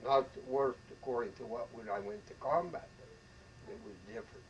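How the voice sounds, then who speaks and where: A man's voice: mid-range voice, moderate pace, slight background noise, rough recording. A man in his eighties, a veteran, telling his stories in a colloquial way for an oral history interview and acting out the voices of the people he quotes. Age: 80s. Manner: colloquial storytelling, often acting out quoted speech.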